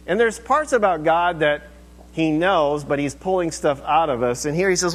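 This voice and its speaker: A man's voice: a little high, lively intonation, normal speed, fairly bright tone. A male pastor giving a sermon in a church, speaking conversationally and asking the listeners rhetorical questions. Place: church sanctuary. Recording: echoey hall reverb.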